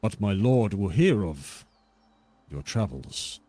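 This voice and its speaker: Guy doing a low slow snooty bony knight, no eyes, looking down on everyone. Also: sing-song, warm tone, dry recording, full character voice. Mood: haughty. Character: eyeless skeletal male knight, haughty and cold.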